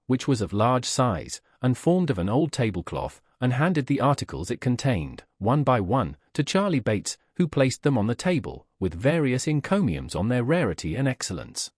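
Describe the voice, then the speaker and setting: A man reading a classic novel aloud as an audiobook narrator, with expressive storytelling. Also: mid-range voice, no room sound, clean studio sound. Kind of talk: scripted narration.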